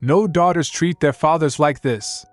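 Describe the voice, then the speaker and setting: Man voicing an old grandfather, groaning, protesting, a bit raised pitch, storybook recap. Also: measured pace, no room sound, soft background music, lightly acted. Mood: sobbing. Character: proud, stubborn old grandfather.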